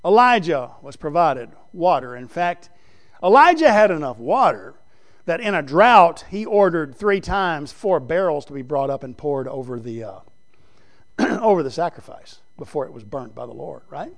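High-voiced preacher, loud to hushed. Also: male voice, very animated, moderate pace. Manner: swings from loud emphatic preaching to low, quiet earnestness. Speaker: pastor. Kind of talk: sermon.

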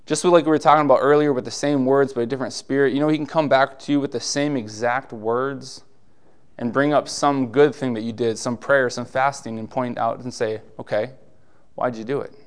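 A male pastor preaching a sermon in a laid-back, conversational way, full of rhetorical questions and quick asides. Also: medium pitch, fairly even intonation, smooth.

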